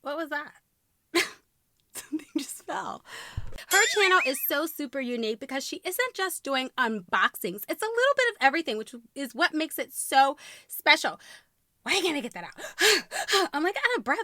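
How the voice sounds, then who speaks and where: Bright, bubbly woman vlogger. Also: high voice, sing-song, a little fast. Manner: bubbly, laughs at her own flubbed lines and retakes. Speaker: vlog host. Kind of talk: casual vlog talk to camera.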